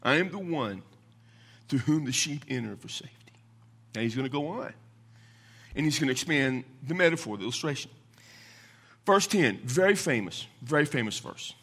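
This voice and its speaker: An animated male pastor preaching a sermon, his voice climbing and dropping sharply as he drives each point home. His tone is bright and forceful, and he poses questions to the congregation and answers them himself, slipping into quick asides before his voice falls to a hush. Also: mid-range voice, breathy edge. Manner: emphatic, call-and-response questions; rapid asides, voice swings from loud to hushed.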